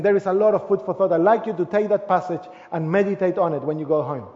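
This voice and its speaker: A man preaching a sermon as pastor in a large church, swinging from loud emphatic declarations to soft, hushed asides. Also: sits high, fast, few pauses. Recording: echoey church hall, slightly dull sound. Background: long reverb of the hall.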